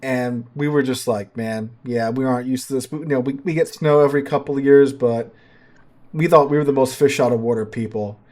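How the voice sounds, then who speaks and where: A man's voice: mid-range voice, steady tone, a little mellow. Man, from Louisiana, podcast co-host, casual chat, easygoing, hesitant. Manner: easygoing, hesitant, quick reactions.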